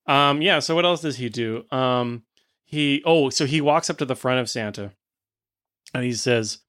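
A man's voice: mid-range voice, normal speed, fairly bright tone. A man narrating a comedy tabletop game as game master, rambling with lots of fillers. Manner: rambling, filler-heavy, hesitant.

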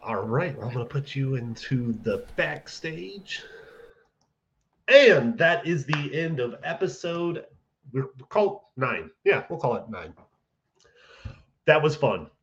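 A man's voice: mid-range voice, very animated, slow, pauses often, a bit bright, dull audio, a little hiss or hum. A man hosting a podcast in a laid-back, joking way. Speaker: podcast host. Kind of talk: casual podcast chat.

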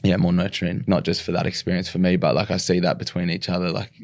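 A young man, a rugby league player and coach, chatting casually in an interview with a relaxed, rambling manner full of restarts. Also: low voice, quick pace, dry recording, clean studio sound. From Australia.

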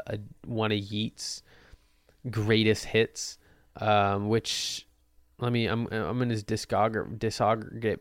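A man's voice: fairly low pitch, smooth, dry recording, studio quality. A young man hosting a casual solo podcast, answering listener questions in a loose, jokey way and swearing freely. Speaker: podcast host. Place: Portland.

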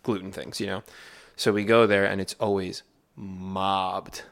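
A man's voice: low-pitched, level tone, a little slow, vocal fry. A man telling a story in a laid-back way, full of filler words, as co-host of a casual podcast. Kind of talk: casual chat. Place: New York City area.

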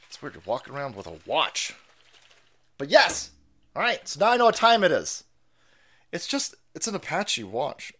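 A middle-aged man hosting a livestream, ranting in a loud, foul-mouthed, rambling way and laughing easily. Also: on the high side. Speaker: stream host. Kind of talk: profane ranting livestream monologue.

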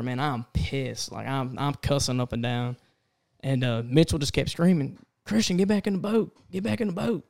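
A man's voice: mid-range voice, smooth. A young man telling a rowdy story among friends, swearing freely and acting out what others said. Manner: animated, swearing, acts out the voices of others.

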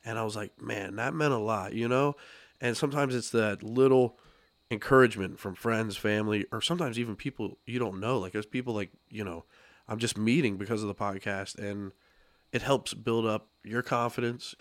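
A man's voice: lowish voice, normal speed, dry recording. A man hosting a podcast studio chat, upbeat and encouraging, his voice a little worn as he loses it. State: losing his voice. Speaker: podcast host.

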